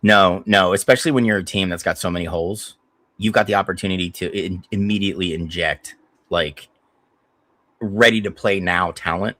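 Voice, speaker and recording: A man co-hosting a podcast, telling stories in a lively, profane, casual way. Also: deep voice, moderate pace, dry recording. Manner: animated, profane storytelling. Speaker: podcast co-host. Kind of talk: casual chat.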